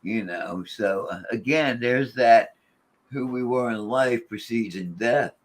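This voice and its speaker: Casting note: male ghost hunter, mid-pitched, rambling, stop-start storytelling. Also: takes it slowly. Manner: rambling, repeats and restarts words. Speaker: paranormal investigator. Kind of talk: casual chat.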